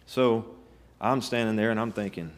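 A man's voice: lowish voice, steady tone, moderate pace. Folksy preacher man. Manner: folksy, emphatic, preaching with rising bursts. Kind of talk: sermon with storytelling.

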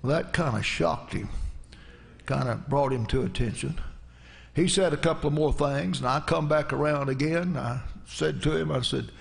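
Brief: preacher, middle-aged, gravelly voice, rambling folksy anecdotes from the pulpit. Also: male voice, fairly high pitch, moderate pace. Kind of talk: storytelling sermon.

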